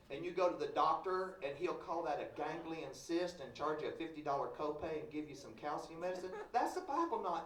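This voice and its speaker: A man telling a folk tale live, folksy, with joking asides to the audience. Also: sits high. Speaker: storyteller. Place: conference hall. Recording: roomy hall, distant mic.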